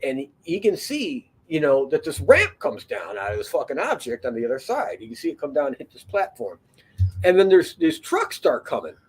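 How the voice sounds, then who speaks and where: Husky, rambling storyteller man. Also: fairly high pitch, very animated, brisk. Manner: rambling, profane, lots of fillers and restarts. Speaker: podcast host. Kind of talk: casual storytelling.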